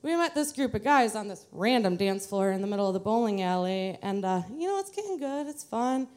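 A woman's voice: medium pitch, animated, fairly quick, a little mellow. A young adult woman from the Detroit area, telling a live personal story to an audience in a chatty, self-mocking way. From Metro Detroit, USA.

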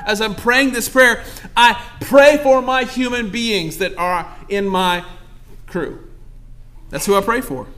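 A man's voice: very high-pitched, a bit bright. A young pastor preaching a sermon to his congregation, calling out asides and asking for amens. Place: church sanctuary.

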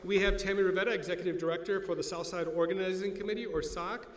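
A man's voice: high-pitched, steady tone, fast talker. A man emceeing a community event, informally acknowledging guests in a chatty way. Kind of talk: casual announcements. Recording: echoey hall with faint noise.

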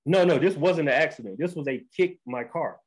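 A man, hosting a podcast and telling a story in animated casual chat, often restarting and saying "bro". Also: fairly high pitch, brisk, slightly rough, low-quality recording. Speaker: podcast host.

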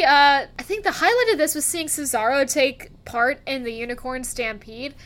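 A woman with a high, lively voice hosts a casual wrestling recap. Her delivery is chatty and enthusiastic, with self-mocking jokes tossed in along the way. Her tone is bright and forward. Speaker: podcast host.

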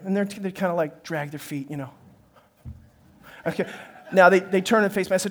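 A pastor preaching a sermon who tells stories with animated acted-out dialogue and frequent laughter. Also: male voice, high voice, quick pace. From northern United States. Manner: animated storytelling, acts out dialogue, laughs often.

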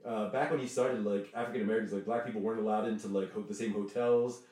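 A man's voice: fairly low pitch, fairly even intonation, fast, darkish tone. A man in casual podcast chat, rambling easily and full of fillers. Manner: rambling, filler-heavy, easygoing. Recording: roomy, off-mic sound.

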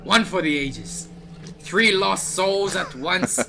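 A man's voice: high voice, animated, takes it slowly, vocal fry, background noise, voice pushed up, exaggerated voice. A man doing a wailing ghostly dwarf spirit. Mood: awed. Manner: wailing, theatrical exclamations.

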